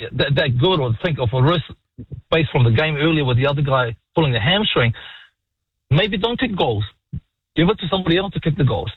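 A man's voice: a little high, husky, no echo. Fired-up man on a muffled call-in line. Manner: excitable, swears freely, calls everyone mate. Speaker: caller. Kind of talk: radio call-in.

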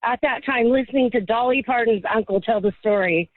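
A woman's voice: fairly high pitch, brisk, a little hiss or hum. A woman calling in to a radio show, telling a family story in a chatty way over the phone. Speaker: radio caller. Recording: tinny phone line.

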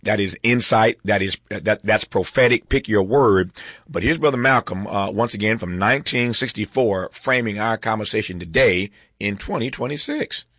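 A man's voice: fairly low pitch, moderate pace, a bit bright, no echo. A man hosting a talk show at a studio desk, reflective and emphatic, laughing often and repeating words for stress. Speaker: host. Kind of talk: talk show commentary and interview.

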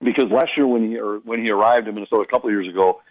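A man who works as a hockey play-by-play broadcaster, telling stories in a casual radio chat and getting animated when he quotes people. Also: lowish voice, racing, dry recording, phone-quality sound.

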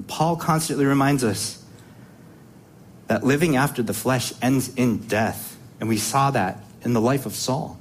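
A man's voice: mid-range voice, unhurried, slight background noise. Emphatic man preaching a sermon. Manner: emphatic, rhetorical questions, repeats words while restarting.

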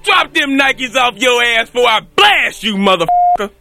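A man in a comedy sketch playing a crude, swaggering street tough with a very high, lively voice. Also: moderate pace, creaky, over music, exaggerated voice. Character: brash street-slang male tough.

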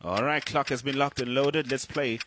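Bright, upbeat South African radio man. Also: medium pitch, fairly even intonation, normal speed, slight background noise. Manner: upbeat, playful. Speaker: radio host. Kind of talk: morning radio banter. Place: radio studio.

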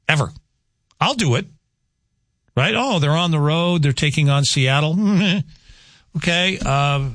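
A man's voice: a little high, fairly bright tone, no room sound. A man hosting casual morning radio, rambling through weather and chatty asides in a studio. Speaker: radio host. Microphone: studio microphone.

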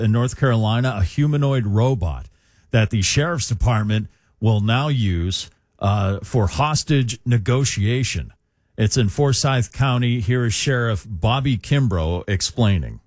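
A man's voice: mid-range voice, measured pace, a little mellow, no echo, studio quality. A man hosting a morning radio show, chatting casually with many hesitations and fillers. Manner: hesitant, lots of uh fillers, chuckling.

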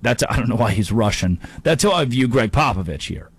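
Animated male sports-talk host. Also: medium pitch, a little fast, breathy edge, no room sound. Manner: animated, jokey, slips into mock impressions. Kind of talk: energetic sports commentary monologue.

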